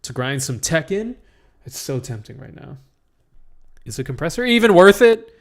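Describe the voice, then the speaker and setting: A young male livestreamer chats casually and rambles to himself while tweaking his mic settings. His voice is fairly high with big pitch swings, moving at a moderate pace through a studio mic with a compressor.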